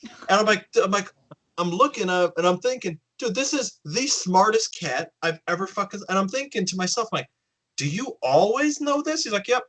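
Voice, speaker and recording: A podcast host tells a story in casual chat, animatedly acting out other people's lines and swearing often. His voice is high and a little fast, and the recording is low quality.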